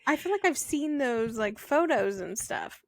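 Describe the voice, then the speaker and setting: A woman's voice: high voice, lively intonation, moderate pace. A woman co-hosting a podcast in casual chat, mostly giving brief supportive interjections and short questions. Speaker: podcast co-host.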